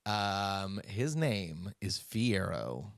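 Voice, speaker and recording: A man's voice: low-pitched, sing-song, creaky, dry recording, studio quality. Goofy, self-mocking man on a podcast. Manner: goofy, self-deprecating, quick jokes. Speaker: podcast co-host. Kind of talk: casual chat.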